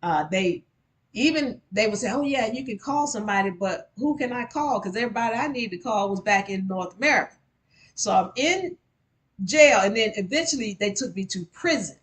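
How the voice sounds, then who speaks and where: A woman telling a personal story to a live audience, speaking directly to the crowd and pushing her voice up sharply when she gets heated. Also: on the high side. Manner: animated, addresses the audience directly, voice rises sharply in anger. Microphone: microphone at a live event.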